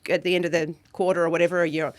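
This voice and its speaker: A woman with a slightly low voice speaks quickly and chattily. She cuts in with questions and asides. The sound is close and dry. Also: flat delivery, dry recording. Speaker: podcast co-host. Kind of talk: casual conversation.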